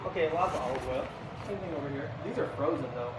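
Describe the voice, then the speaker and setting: A man's voice: on the high side, fast talker. A young man from Idaho chatting casually and rambling with many fillers while cooking on a live stream in his home kitchen. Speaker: cooking livestreamer. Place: home kitchen with loud air conditioner. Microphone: camera mic, moving near and far. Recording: echoey kitchen with appliance noise.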